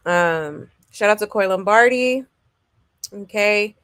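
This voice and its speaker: Woman gossip-show host, casual and chatty, slow delivery, dry close sound. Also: mid-range voice, a bit bright, smooth, dry recording. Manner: loose and chatty, full of "um" and "okay" check-ins; reads viewer comments aloud. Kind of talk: casual livestream commentary.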